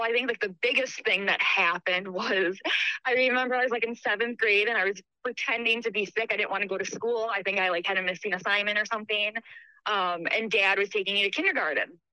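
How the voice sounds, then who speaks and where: A woman's voice: mid-range voice, no echo, poor audio. A woman caller telling a story in a chatty way, with lots of fillers. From New York State. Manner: chatty, filler-heavy, animated retelling. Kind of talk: casual storytelling on a call.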